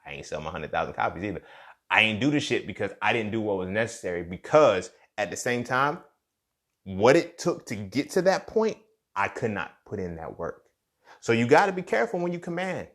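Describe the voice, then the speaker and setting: This podcast host is a young man whose low voice sounds very animated, brisk and a bit bright. Profane and loose, he spins a motivational story in a casual monologue, constantly asking listeners if they feel him.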